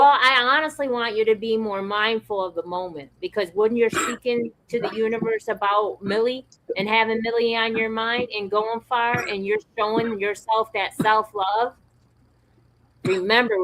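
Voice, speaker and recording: A woman's voice: on the high side, steady tone, normal speed, fairly bright tone, low-quality recording. Earnest woman podcast host, encouraging. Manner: encouraging, earnest, advice-giving. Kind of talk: motivational podcast talk.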